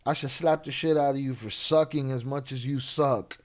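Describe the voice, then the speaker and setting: A man's voice: medium pitch, fairly even intonation, normal speed, close to an everyday voice. A man doing a rude swaggering thug. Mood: taunting. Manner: crude, mocking. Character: rude swaggering male thug taunting someone.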